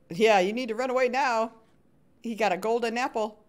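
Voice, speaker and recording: Speaking at a normal speed in a voice on the high side, this gaming streamer leaves long pauses during her live Minecraft commentary. She chats with viewers, cheers for the other players, and hums little sound effects while playing.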